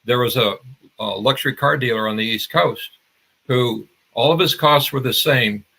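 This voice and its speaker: A man's voice: medium pitch, normal speed, creaky, sharp tone. An older man, a marketing expert guest, explaining in a conversational interview with restarts and examples.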